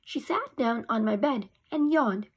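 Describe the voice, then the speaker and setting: A woman teacher reading a chapter book aloud to young students, expressive. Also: a little high, unhurried, husky. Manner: expressive storytelling. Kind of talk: read-aloud for children.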